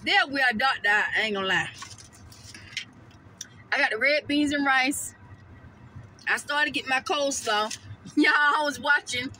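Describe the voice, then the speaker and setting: Woman, high bright voice, chatty vlog in a parked car, faint noise behind. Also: low-quality recording. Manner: chatty, addresses viewers as y'all and honey. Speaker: vlogger. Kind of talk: casual mukbang vlog chat.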